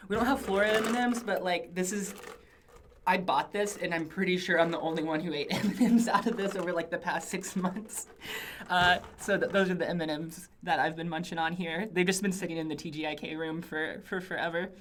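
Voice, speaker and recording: A woman's voice: fairly low pitch, steady tone, brisk, slight background noise. Chatty woman hosting a live stream. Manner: chatty and upbeat, rambling asides with frequent fillers. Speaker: livestream host. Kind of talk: casual live-stream chat, reading viewer greetings. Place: small office studio room.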